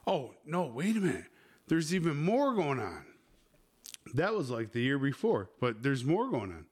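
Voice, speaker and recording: A man's voice: medium pitch, big pitch swings, moderate pace, darkish tone, breathy edge. Crude rambling podcast man. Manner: crude, rambling, heavy swearing. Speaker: podcast host. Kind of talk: casual storytelling.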